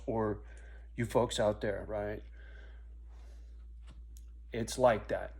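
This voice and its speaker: A man's voice: mid-range voice, a little mellow. A middle-aged man talking alone to his camera in a casual vlog, rambling, swearing freely and often tagging "right?" onto his lines. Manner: profane, rambling, self-reflective, often ending lines with a muttered "right?". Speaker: vlogger.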